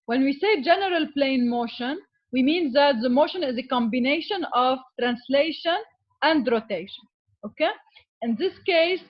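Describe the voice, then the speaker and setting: A woman's voice: high-pitched, highs cut off. A woman giving a classroom lecture as an engineering teacher, explaining step by step and often checking in with "okay?". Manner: switches to Arabic with students.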